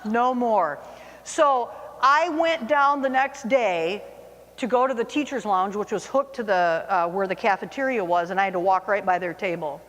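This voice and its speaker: A woman's voice: mid-range voice, normal speed, fairly bright tone. A woman in her forties, a teacher, telling a funny personal story to an audience with self-mocking humor. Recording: long hall reverb.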